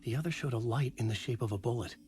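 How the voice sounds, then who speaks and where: A man voicing the brooding narrator of a horror game, in measured, introspective scripted narration. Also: medium pitch, mellow, natural voice.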